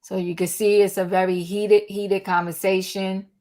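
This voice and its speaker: An older woman hosts a live online chat room, speaking with a medium-pitched, dark-toned voice in a flat delivery at normal speed. The talk is casual and earnest, chatty and full of fillers, like a live talk show heard through online audio.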